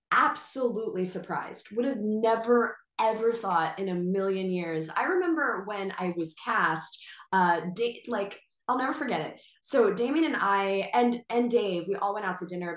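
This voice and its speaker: Enthusiastic woman in an echoey room. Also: mid-range voice. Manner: enthusiastic, animated storytelling. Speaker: actress guest. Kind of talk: podcast interview.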